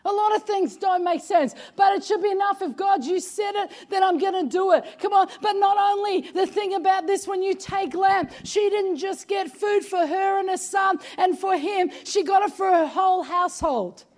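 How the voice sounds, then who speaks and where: High-voiced woman preaching. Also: moderate pace, hardly any pauses, a little mellow. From Australia. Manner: emphatic, repeats "come on", often raises her voice. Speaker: pastor. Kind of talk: sermon.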